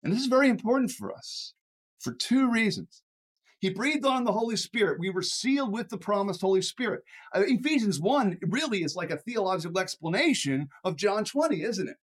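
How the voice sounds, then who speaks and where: A preacher giving a sermon in an animated way, often chuckling and stumbling into quick restarts and repeated words. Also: medium pitch.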